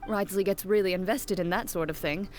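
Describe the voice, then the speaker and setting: A woman voicing a calm, composed young huntress in a video game, speaking tersely and with dry formality. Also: mid-range voice, fast talker, faint music behind, natural voice. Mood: cool.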